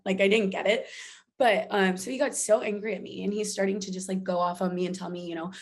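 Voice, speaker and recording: A woman's voice: medium pitch, a little fast. Woman animatedly telling a personal story. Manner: animated, acts out quoted dialogue. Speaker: podcast guest. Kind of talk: personal storytelling in casual chat.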